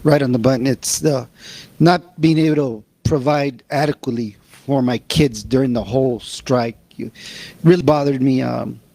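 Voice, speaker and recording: A man speaking on a panel with a mid-range voice. He is earnest and measured as he recalls his time in the union. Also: medium pitch, vocal fry, mellow. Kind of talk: panel talk.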